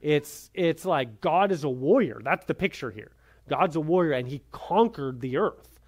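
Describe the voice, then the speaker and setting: A man leads a church Bible class, his voice sitting a little higher than most. He talks conversationally and keeps checking in with "right?" as he goes. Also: animated, moderate pace, a little mellow.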